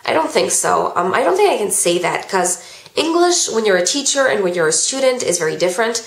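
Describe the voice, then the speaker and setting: A woman's voice: medium pitch, very animated, a little fast, creaky. A teenage girl with a Californian-tinged American accent, answering viewer questions in a casual vlog. She reads each question aloud, then answers chattily with "um" and "like". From France. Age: teens. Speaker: vlogger. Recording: roomy echo.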